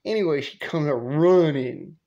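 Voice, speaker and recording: A man tells a personal story in a loose, rambling way, wandering off track and dropping profanity. His voice sits a bit high for a man. The recording is muffled and lo-fi. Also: expressive, unhurried, gravelly, dark tone. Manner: rambling, digressive, with profanity and chuckles. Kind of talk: casual spoken anecdote.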